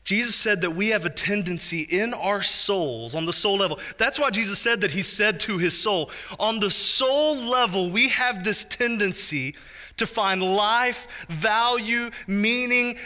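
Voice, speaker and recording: Bright-voiced pastor preaching a sermon. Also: male voice, sits high, expressive, a little slow. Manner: conversational, joking asides to the congregation.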